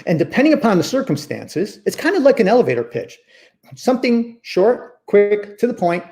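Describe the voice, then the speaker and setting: A man's voice: high-pitched, sing-song, moderate pace, darkish tone. A man giving a step-by-step lesson on real estate investing, repeating key phrases as he teaches. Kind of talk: instructional talk.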